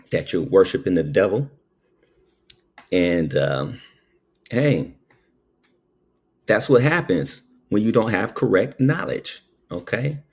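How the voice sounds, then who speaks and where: Slow, gravelly-voiced man telling a story. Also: sits low, a little mellow. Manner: preachy, drawling, tags lines with "okay?". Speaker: paramedic. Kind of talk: casual storytelling monologue.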